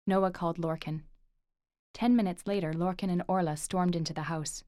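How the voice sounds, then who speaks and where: Here a woman with a lowish voice reads an audiobook, her scripted narration steady and measured. The recording is dry, with clean studio sound.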